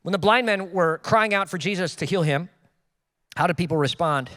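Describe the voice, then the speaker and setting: A male pastor preaching with a high, bright-sounding voice, swinging between loud emphatic bursts and quiet self-deprecating asides. His voice rings out with a long reverb, as in a church hall. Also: moderate pace. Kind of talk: sermon.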